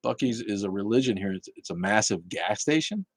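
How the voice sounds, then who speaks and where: A man's voice: lowish voice, animated, fairly quick, husky, no echo. A man hosting a casual livestream, chatting bluntly with viewers, swearing and laughing often. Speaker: livestream host reading chat.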